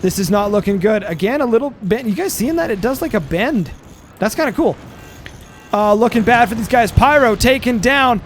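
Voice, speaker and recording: A man's voice: high voice, normal speed, faint music behind. A young man commentating a strategy game, rambling with fillers and losing his voice. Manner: energetic, rambling, with frequent fillers. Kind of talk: gameplay commentary.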